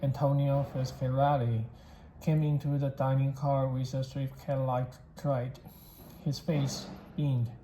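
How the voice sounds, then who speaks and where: Steady, flat-voiced story reader. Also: mid-range voice, takes it slowly. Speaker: audiobook reader. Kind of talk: novel read-aloud. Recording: echoey room, faint background hiss.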